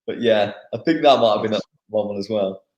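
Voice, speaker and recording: A young English man, a motocross racer, chatting casually in a live interview, laughing and pausing on fillers. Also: on the low side, darkish tone. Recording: echoey room.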